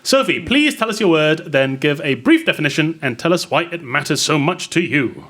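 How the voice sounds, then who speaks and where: A man hosting a comedy panel show, his voice bouncing up and down with lively pitch. He sits a little high for a man and keeps things playful and quick to joke. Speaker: host.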